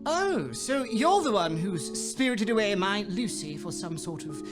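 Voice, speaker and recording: An actor playing a snobbish upper-crust British gentleman in an audio drama, with a clipped, put-on posh British accent. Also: sits high, sing-song, measured pace. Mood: haughty. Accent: put-on posh British received pronunciation. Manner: clipped, haughty delivery. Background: music.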